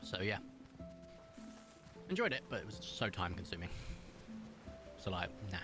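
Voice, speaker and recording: A man's voice: deep voice, big pitch swings, unhurried, music in the background. A young British man streaming live and chatting casually, rambling with lots of fillers and restarts.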